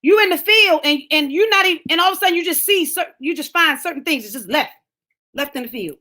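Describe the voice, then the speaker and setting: Middle-aged woman, fervent motivational preacher, high bright voice, casual phrasing. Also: animated, quick pace. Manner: fervent preaching, talks straight to listeners by name; colloquial, rising to shouts. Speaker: speaker of a lunchtime empowerment talk. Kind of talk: sermon-style motivational talk.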